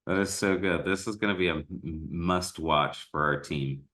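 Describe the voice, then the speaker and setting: A man's voice: low-pitched, normal speed, a bit bright. Casual man co-hosting, easygoing. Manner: casual, laughing, agreeing. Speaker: co-host. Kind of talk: casual chat.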